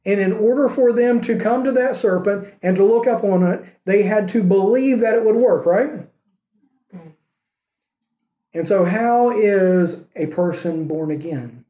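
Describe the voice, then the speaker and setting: High-voiced, mellow male preacher. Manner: earnest preaching with rhetorical questions and repetition. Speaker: pastor. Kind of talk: sermon. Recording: roomy echo.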